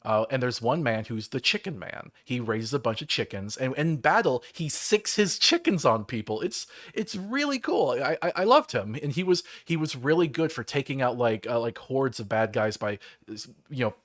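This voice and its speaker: A man's voice: medium pitch, expressive, moderate pace, a bit bright. A man hosting a livestream, rambling through a game story in casual chat with lots of fillers. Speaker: livestream host.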